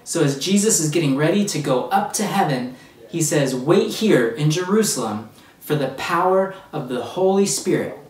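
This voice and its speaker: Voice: mid-range voice, lively intonation, normal speed. Upbeat kids' Bible teacher in an echoey room. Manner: upbeat, speaks straight to children. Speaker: children's ministry teacher. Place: church room. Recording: roomy echo, distant from the mic.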